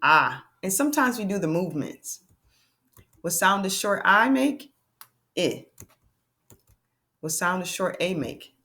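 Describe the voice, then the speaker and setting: Slow-paced woman teaching phonics. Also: mid-range voice, lively intonation, a bit bright. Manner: slow, sounding out letters and cheering young learners. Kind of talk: children's phonics lesson.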